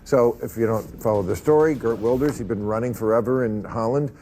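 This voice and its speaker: A man's voice: medium pitch, brisk, warm tone, a little hiss or hum. A man hosting a talk show, chatting casually with fillers and wry asides. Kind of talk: casual chat.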